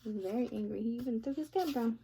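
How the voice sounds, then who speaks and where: A woman reading a picture book aloud, pausing to ask the listener questions. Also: a little high, creaky, dark tone, a little hiss or hum. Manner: asks the listener questions, playful. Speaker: reader.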